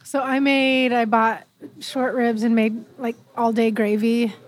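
A woman's voice: on the high side, level tone, measured pace. A woman from Canada chatting casually over a meal, with lots of "like" fillers. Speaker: interviewee.

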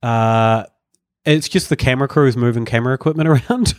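Dry-sounding podcast host, rambling. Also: male voice, medium pitch, rapid-fire, dry recording. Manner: rambling storyteller, chuckling often. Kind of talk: casual comedic chat.

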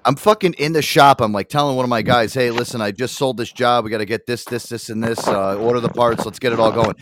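A man's voice: medium pitch, fast, fairly bright tone, a little hiss or hum. A man hosting a casual podcast, telling a long profane story and acting out the people in it. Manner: profane storyteller, acts out voices in his stories. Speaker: podcast host.

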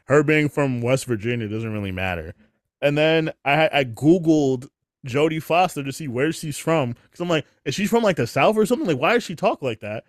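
A man's voice: on the high side, lively intonation, moderate pace, no room sound, studio quality. A man hosting a podcast, chatting casually and animatedly, swearing freely and laughing often. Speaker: podcast host. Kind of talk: casual chat.

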